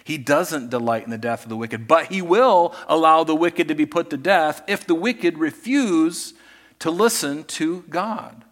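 A man's voice: on the high side, expressive, measured pace, a bit bright. A man preaching a sermon in a conversational style, acting out scripture scenes as he retells them. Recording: reverberant hall.

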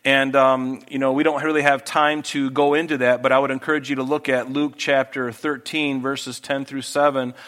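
A man preaching a sermon, who swings from loud, emphatic scripture reading to quiet, intimate asides. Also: medium pitch, flat delivery, moderate pace, few pauses. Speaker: pastor.

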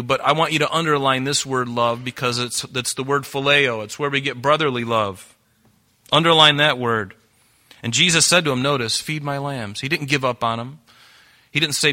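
A pastor preaching an earnest sermon, often repeating words and acting out Bible dialogue. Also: male voice, medium pitch, moderate pace, pushed and bright.

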